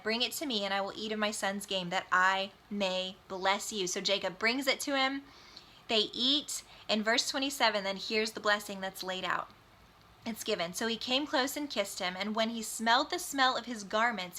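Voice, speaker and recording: A woman's voice: fairly high pitch, bright, forceful tone. A woman giving a casual Bible study lesson, reading scripture aloud and explaining it in plain, everyday words. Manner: conversational, reads scripture aloud then explains it in plain slang. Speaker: Bible teacher.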